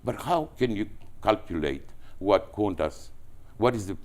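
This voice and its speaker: Man, Greek accent, deep voice, animated storyteller, frequent restarts, interview guest. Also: a little slow. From Greece. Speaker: entrepreneur guest. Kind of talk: anecdotal storytelling.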